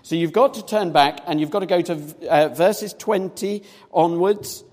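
A man preaching a sermon, animated, acting out little scenes in different voices as he reads and explains. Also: a little high, measured pace. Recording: long reverb of a large hall.

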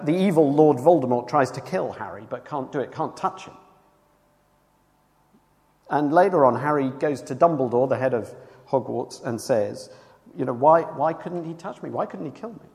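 A man preaching a sermon, emphatic and earnest, moving between loud cries and hushed tones. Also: mid-range voice, big-room sound.

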